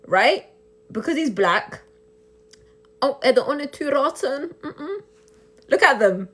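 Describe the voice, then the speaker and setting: A woman's voice: high-pitched, very animated, a bit bright. Indignant young woman on a phone live stream. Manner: switches between English and Albanian, taunting and indignant; rapid, repetitive rhetorical questions. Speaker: livestreamer. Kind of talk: live-stream chat answering comments.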